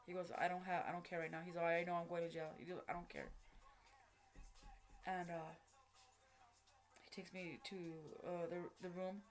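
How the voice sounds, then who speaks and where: A woman telling a personal story straight to camera, blunt and heavily profane, halting and restarting as she goes. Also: on the low side, level tone, soft background music. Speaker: vlogger recounting a personal story.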